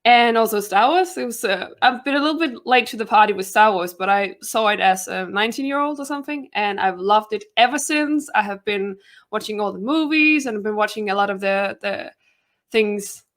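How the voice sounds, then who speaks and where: A woman's voice: mid-range voice, brisk, fairly bright tone. A young woman from Denmark with a Danish accent, a guest giving a chatty self-introduction with frequent laughter.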